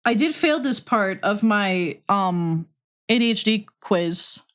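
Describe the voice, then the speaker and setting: A woman's voice: medium pitch, animated, slow, a bit bright. A young woman streaming, chatting casually while she builds and talking to her cat in a cutesy voice.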